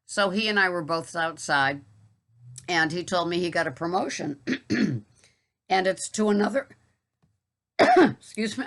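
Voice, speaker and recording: A woman's voice: low voice, bright, forceful tone. A middle-aged woman who works as a grocery delivery shopper, talking in a chatty, rambling vlog monologue full of asides and fillers.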